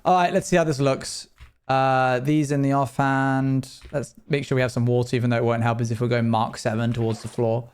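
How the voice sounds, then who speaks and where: A man's voice: mid-range voice, level tone, brisk, darkish tone, clear, resonant tone. A young man livestreaming a game, chatting easily with his viewers. His talk wanders and keeps circling back to restart thoughts, in an unremarkable mid-range voice. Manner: rambling, chatty, often restarts mid-sentence. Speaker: streamer. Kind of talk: casual livestream chat while playing.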